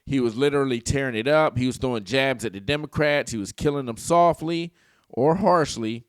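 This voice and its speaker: Male vlogger, opinionated political commentary, slangy jokes, smooth clear voice, dry close sound. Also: medium pitch, fairly quick, no echo. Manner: opinionated, slangy, joking asides. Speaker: YouTube commentator. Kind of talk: casual political commentary vlog.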